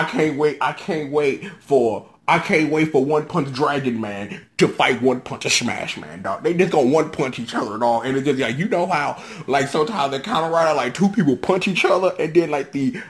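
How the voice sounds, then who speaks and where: A man giving a casual, hyped-up episode review, joking and slangy, often leaping into high shouts. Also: moderate pace, few pauses. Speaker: show recap vlogger.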